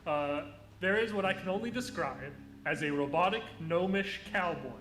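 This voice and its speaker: A man's voice: high-pitched, normal speed, fairly bright tone, faint music behind. A man narrating a tabletop game as game master, describing scenes in rambling, self-correcting bursts, recorded in an echoey room.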